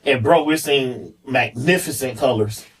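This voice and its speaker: A man's voice: medium pitch, a little slow, slightly rough, distant mic, low-quality recording. A man on a podcast, candidly telling a personal story in a rambling way, full of fillers and repeats. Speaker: podcast guest, police officer.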